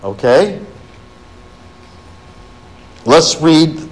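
Middle-aged guy preaching, bit high voice, pitch jumps all over when he hits a verse. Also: extremely slow, rough recording. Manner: animated preaching, reading scripture aloud with emphasis. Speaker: pastor. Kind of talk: sermon.

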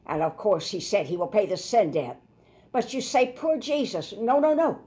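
A woman's voice: mid-range voice, big pitch swings, moderate pace, warm tone. A woman preaching a sermon, explaining scripture in a folksy, emphatic way and repeating herself for stress. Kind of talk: sermon with running commentary on scripture.

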